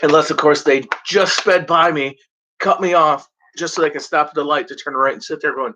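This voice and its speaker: In a dull, lo-fi home video, a vlogger rambles and curses casually in front of a blanket, doing mocking voices of other drivers. His voice leans high, bright and forceful, fairly quick with fairly even intonation.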